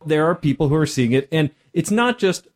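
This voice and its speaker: A man's voice: on the high side, expressive, fairly quick. A man co-hosting a casual panel chat, ranting in an exasperated way.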